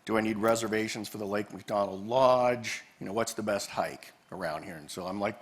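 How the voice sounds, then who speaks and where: A man's voice: on the low side, moderate pace. Man telling ranger stories to an audience. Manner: animated storyteller, acts out quoted dialogue. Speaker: former park ranger presenter. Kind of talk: storytelling presentation to a live audience. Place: presentation room with a projector screen.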